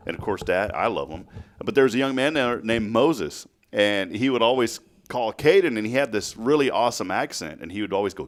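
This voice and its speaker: Chatty man hosting a morning show. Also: on the low side. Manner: chatty storyteller, laughs often, many fillers. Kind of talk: casual chat.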